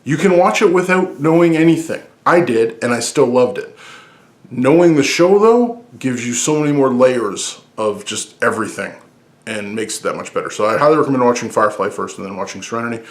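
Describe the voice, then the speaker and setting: A man hosting a casual movie podcast, talking excitedly and rambling with frequent restarts as he counts down his favorite films. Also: mid-range voice, fairly quick. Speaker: podcast host. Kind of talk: casual movie-list talk.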